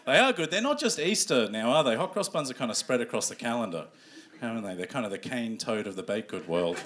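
Lively comedian hosting a live show. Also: male voice, medium pitch, quick pace. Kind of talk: stand-up comedy. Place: comedy club stage before a live audience. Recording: live room with audience noise.

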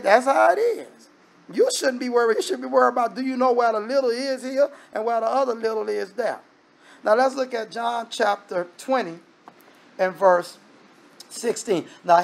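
A man preaching a sermon in a conversational, emphatic way, breaking into sudden loud bursts. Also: very high voice.

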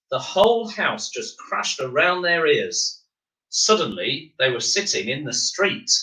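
A man reading a children's picture book aloud as a bedtime story, animated, acting out the shouts and crashes. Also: medium pitch. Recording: echoey room, mic at a distance.

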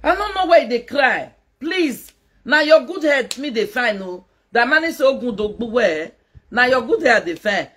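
A woman's voice: fairly high pitch, expressive, normal speed, fairly bright tone, breathy edge. A Nigerian woman doing a casual live-stream gossip rant as a social media commentator, mocking, laughing and scolding.

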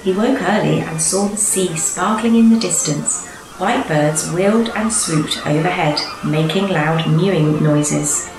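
Woman storyteller, gentle and measured, gravelly low voice, echoey room with music. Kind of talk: storybook reading.

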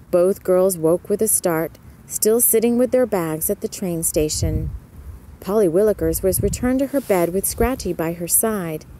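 A woman narrating an ASMR story slowly and gently, speaking directly to the listener. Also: mid-range voice, a little hiss or hum, low-quality recording. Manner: slow, gentle, addresses the listener.

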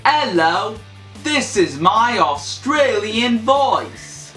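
A man doing a high, drawling fake Australian voice. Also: very animated, extremely slow, pushed and bright, echoey room, faint music behind, heavily acted. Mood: goofy. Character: young man in a put-on Australian voice.

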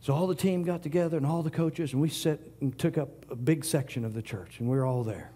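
A middle-aged man, preaching to his congregation. His voice sits a bit high but sounds dark, mellow and husky. He swings between raised proclamations and soft, breathy whispers. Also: fairly quick. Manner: preaching, shifts from loud declarations to hushed whispers. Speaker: pastor. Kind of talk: sermon.

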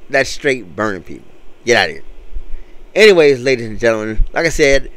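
A man's voice: mid-range voice, big pitch swings, fairly quick, a bit bright, no room sound. A man telling a story to his viewers in a casual, slangy street manner, acting out what other people said. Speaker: channel host.

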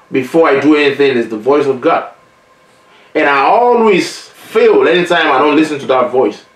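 Guy preaching, earnest and chatty, kinda far from the mic, roomy echo. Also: mid-range voice. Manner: earnest, conversational preaching with fillers. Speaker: evangelist. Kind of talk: sermon. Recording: roomy, echoey sound from a distance.

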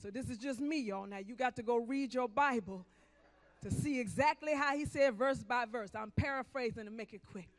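A male pastor preaching emphatically, swinging between loud calls and quiet asides. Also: extremely high pitch, moderate pace. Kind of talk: sermon.

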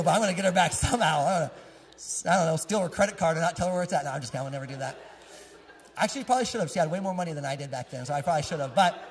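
In a church sanctuary, a male pastor with a high, breathy-edged voice delivers a storytelling sermon built on casual, joking personal anecdotes, often laughing as he goes. The hall's long echo fills the recording.

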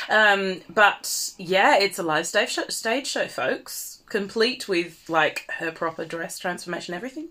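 A woman's voice: mid-range voice, a bit bright. An Australian woman, an operatic mezzo soprano, chatting playfully and self-mockingly between songs on a home livestream. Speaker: cabaret singer and livestream host.

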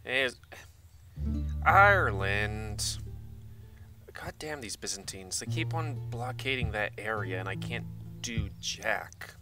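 Slow-talking man muttering over game music. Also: on the low side, expressive. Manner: rambling, muttering asides, mild swearing. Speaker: gaming channel host. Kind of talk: casual let's-play commentary.

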